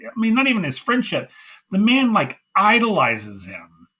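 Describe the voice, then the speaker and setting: A man's voice: high-pitched, huge pitch swings, normal speed, sharp tone, breathy edge, faint music behind, low-quality recording. A man co-hosting a wrestling review podcast, gushing and emphatic, repeating himself in casual chat. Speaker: podcast co-host.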